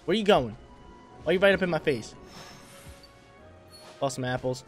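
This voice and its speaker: A young man giving casual, excitable gameplay commentary full of slang, talking to the creatures on screen. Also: fairly high pitch, moderate pace, faint music behind. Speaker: gaming channel host.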